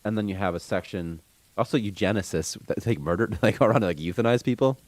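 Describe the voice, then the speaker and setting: A man's voice: fairly low pitch, fast, darkish tone, no room sound. A man streaming game development, rambling casually with strong opinions and reading chat comments aloud. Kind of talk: casual rant on a live stream.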